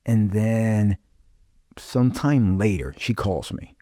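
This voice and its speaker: Low-voiced pastor telling his story. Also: takes it slowly, dry recording, studio quality. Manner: animated storyteller, voices quoted dialogue. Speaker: pastor, guest. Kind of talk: personal testimony in casual interview.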